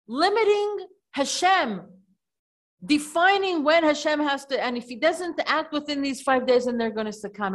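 A woman tells an old religious tale in a relaxed, chatty way, her voice sitting a little high. She wanders off into asides and corrects herself as she goes. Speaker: storyteller. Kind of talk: casual storytelling retelling a religious tale.

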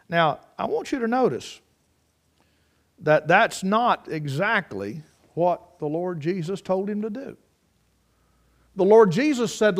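A man preaching a sermon, swinging from loud ringing peaks to low, quiet storytelling. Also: expressive, takes it slowly.

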